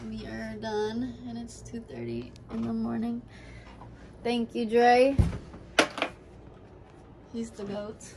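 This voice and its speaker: A woman's voice: on the high side, level tone, slow, creaky, long pauses, noisy background. A young woman vlogging late at night in a recording studio, telling her day's story in a loose, profane, ranting way. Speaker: vlogger and singer. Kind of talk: casual chat to camera.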